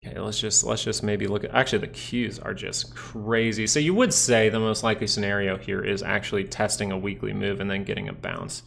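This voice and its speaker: A man's voice: on the low side, brisk, gravelly, few pauses. A young man with a nasal voice hosting a casual live stock market stream, rambling through charts and answering chat. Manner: relaxed, rambling, talks to chat viewers. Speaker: stock market livestream host.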